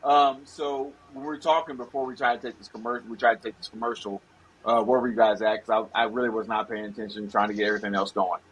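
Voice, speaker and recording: A man's voice: fairly low pitch, level tone, fast talker, fairly bright tone, slightly rough, muffled recording. A man hosting a casual podcast over a phone, talking in a rambling, apologetic way and repeating himself. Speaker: podcast host.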